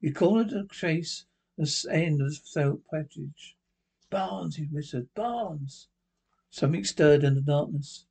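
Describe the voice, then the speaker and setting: Sex: man. Role: narrator. Style: ghost story read aloud. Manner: halting, restarts misread words. Pitch: a little high. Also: a little mellow.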